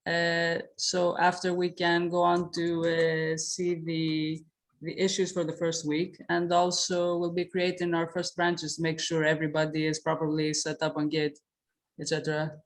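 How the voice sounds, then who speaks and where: A woman hosting a casual online video-call meeting, introducing participants in an informal, steady way with frequent fillers. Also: fairly low pitch, moderate pace. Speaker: meeting host.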